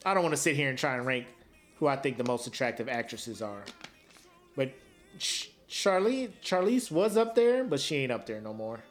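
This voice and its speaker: A man's voice: mid-range voice, sing-song, moderate pace. A man co-hosting a podcast in casual chat, joking and slangy, laughing often. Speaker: podcast co-host.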